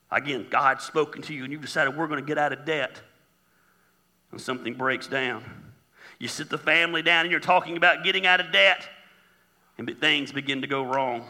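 A pastor preaching a sermon in a church, talking conversationally and joking with mocking asides. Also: male voice, medium pitch, moderate pace, bright, forceful tone. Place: church auditorium. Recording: long hall reverb.

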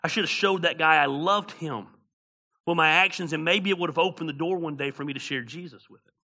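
A middle-aged man preaching a sermon as pastor, swinging from loud preaching to quiet storytelling, with folksy slang. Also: fairly high pitch, brisk.

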